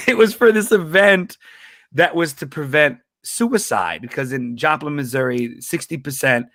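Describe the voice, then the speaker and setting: A man, a comedian and talk show guest, telling a story in an energetic, excitable way with quick restarts. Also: a little high, dry recording, clean studio sound.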